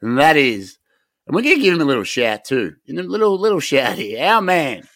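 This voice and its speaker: A man's voice: mid-range voice, a little fast, no echo, studio quality. An Australian man co-hosting a podcast, ranting in a rowdy, sweary way. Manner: rowdy, sweary, excitable rants. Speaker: podcast co-host. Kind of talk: hyped casual chat.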